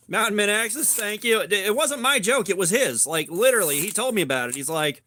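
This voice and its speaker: A man with a high, bright voice hosts a casual livestream. He rambles loosely, leans on "like" and swears freely, and breaks off to greet chat viewers by name. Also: expressive, a little fast, hardly any pauses, a little hiss or hum. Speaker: livestream host.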